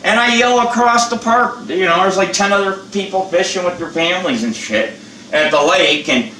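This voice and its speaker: A man's voice: high voice, moderate pace, sharp tone, echoey room, distant mic, a little hiss or hum, poor audio. An older man who is a channel host, chatting bluntly and rambling with plenty of swearing in a casual how-to vlog.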